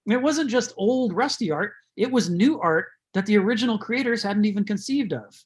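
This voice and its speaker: A man's voice: high-pitched, expressive, fairly quick, husky. A man giving a conversational lecture, rambling, chuckling often and using many fillers.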